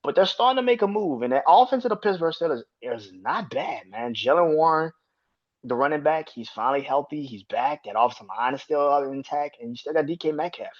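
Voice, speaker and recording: A man hosting a casual sports podcast, swearing freely and laughing between rapid opinions. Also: on the high side. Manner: profane, animated, laughs often. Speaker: podcast host. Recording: dull lo-fi sound.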